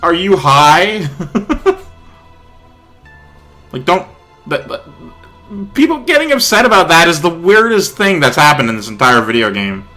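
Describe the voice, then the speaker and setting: Animated swearing young man. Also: a little high, a little slow, pauses often, faint music behind. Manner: animated, swearing, laughing asides. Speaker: let's play host. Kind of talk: reading a visual novel aloud with commentary.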